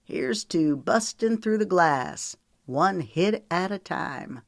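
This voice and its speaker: Woman doing a playful young guy in a romance audiobook, teasing and sweet, lowish voice. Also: animated, takes it slowly, no room sound, studio quality. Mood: tender. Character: young man, affectionate and teasing.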